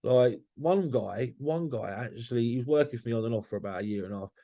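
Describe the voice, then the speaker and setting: A man's voice: mid-range voice, lively intonation, quick pace, gravelly, dark tone. A man talking candidly as a podcast guest, blunt and swearing freely, often restarting his sentences.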